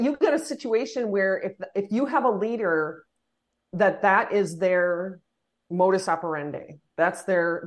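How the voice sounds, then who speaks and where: A woman leadership consultant answering interview questions, making her points emphatically in quick repeated phrases. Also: mid-range voice.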